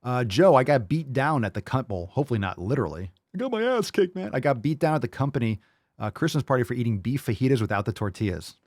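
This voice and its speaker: A middle-aged male fitness host talks bluntly and swears freely, now and then mocking people in put-on voices. His voice sits at a middling pitch. The sound is close and dry with no room echo. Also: lively intonation, quick pace. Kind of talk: livestream chat reading comments.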